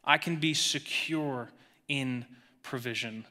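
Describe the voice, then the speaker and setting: A man preaching a sermon as pastor, emphatic, swinging between raised emphasis and hushed lines. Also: on the high side, measured pace.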